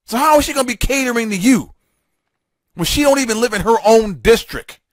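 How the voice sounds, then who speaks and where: A man's voice: very high voice, expressive, fairly quick, dry recording, clean studio sound. A man hosting a political talk show, delivering a fiery, emphatic solo monologue full of repetition and stammered restarts.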